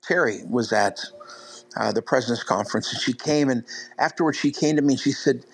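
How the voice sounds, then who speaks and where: A man's voice: medium pitch, a little fast, gravelly, husky, poor audio. A big man preaching, telling stories conversationally with many fillers and restarts. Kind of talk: sermon storytelling.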